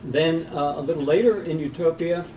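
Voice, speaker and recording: A man's voice: a little high, moderate pace, mellow, lo-fi sound. A man giving an unscripted classroom lecture, reading passages aloud between fillers and self-corrections. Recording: distant mic with faint room hiss.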